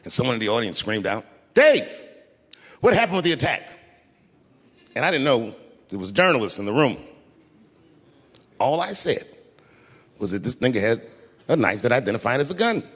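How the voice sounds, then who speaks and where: A middle-aged man doing a stand-up routine, telling stories animatedly and shouting punchlines. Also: medium pitch, lively intonation, brisk, pauses often, slightly rough. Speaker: stand-up comedian. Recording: live hall reverb, faint background noise.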